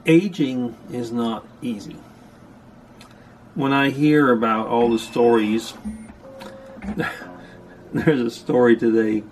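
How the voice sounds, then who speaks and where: A man's voice: medium pitch, fairly even intonation, slow, long pauses, a little mellow. An older man chatting casually to camera from a room at home, rambling with dry asides. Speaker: vlogger. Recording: faint scanner hum behind. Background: slide scanner noise.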